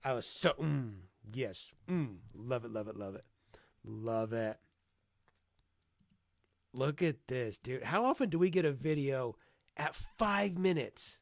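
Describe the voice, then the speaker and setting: Gravelly man mocking in dry commentary. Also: mid-range voice, expressive, slow, long pauses, no echo. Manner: mocking, profane, gleeful. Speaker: streamer reacting to videos. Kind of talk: live stream commentary.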